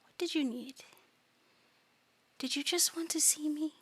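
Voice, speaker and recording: A woman's voice: sits high, unhurried, voice pushed up. A woman whispering as an eerie many-eyed void creature. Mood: coaxing. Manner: soft, coaxing, possessive whisper. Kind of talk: whispered role-play.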